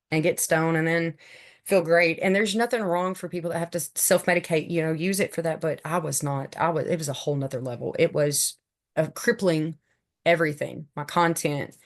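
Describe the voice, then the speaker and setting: A middle-aged woman giving an emotional, earnest faith testimony, telling her story with laughs and asides. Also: deep voice. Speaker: guest sharing faith testimony. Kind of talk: personal testimony talk.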